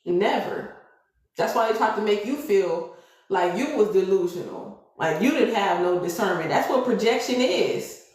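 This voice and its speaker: Woman tarot reader on a live stream, preachy and emphatic, mid-pitched, very echoey room. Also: expressive, normal speed, a little mellow. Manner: preachy, emphatic, repeats "okay?" to the audience.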